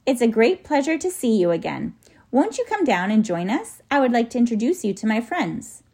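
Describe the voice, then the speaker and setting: A woman voicing a kindly, eccentric old male professor who coaxes and explains gently in a storybook reading, with a gravelly edge. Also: a little high, normal speed, pitched above the performer's own voice, heavily acted. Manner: gentle, coaxing, excitable.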